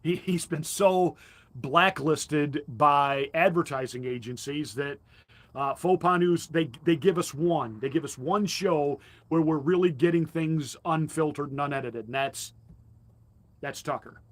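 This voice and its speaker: A man's voice: a little high, measured pace. A male pastor delivering a combative, mocking political commentary monologue with emphatic jabs.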